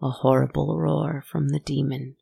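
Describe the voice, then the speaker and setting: A woman telling a spooky story in a soft, hushed, scripted narration that sometimes sinks into a whisper. Her voice is low, husky and gravelly with heavy vocal fry, mellow in tone, and she takes her time. The recording is close and dry. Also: flat delivery, no room sound. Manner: soft, slow and hushed, dropping at times to a whisper.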